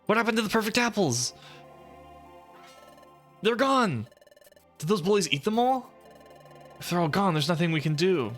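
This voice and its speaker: A man's voice: sits high, big pitch swings, normal speed, pauses often, fairly bright tone, faint music behind, pitched above the performer's own voice. A man voicing an eager young explorer. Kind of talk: reading game dialogue aloud.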